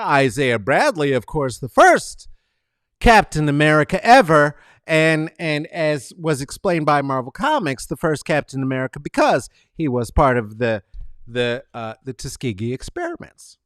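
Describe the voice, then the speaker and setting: A man hosting a podcast in casual chat, rambling and halting with fillers and restarts. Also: fairly high pitch, big pitch swings, a bit bright, dry recording, studio quality. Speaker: podcast host.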